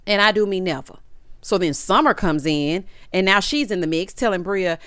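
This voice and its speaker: A woman's voice: medium pitch, normal speed, a bit bright, smooth, dry recording, studio quality. A woman giving a sassy, casual recap of a reality TV episode, mimicking the cast in changing voices.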